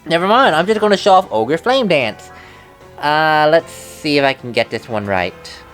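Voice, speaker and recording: A woman with a low voice narrates her game playthrough in a loose, rambling way, stumbling and restarting her sentences as she goes. Her pitch swings widely between low mutters and excited highs, with soft game music faintly behind her. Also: normal speed. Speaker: let's play commentator. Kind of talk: casual gameplay commentary.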